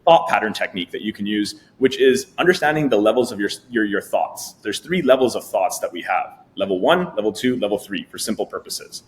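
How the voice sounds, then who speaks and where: A man who is a guest coach, explaining a thinking technique step by step and acting out lively inner voices as examples. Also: fairly low pitch, fairly quick, hardly any pauses. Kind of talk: explanatory interview talk.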